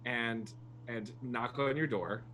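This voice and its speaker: A man playing a tabletop game who talks eagerly, with halting restarts. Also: medium pitch, pushed and bright, slight background noise. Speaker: player.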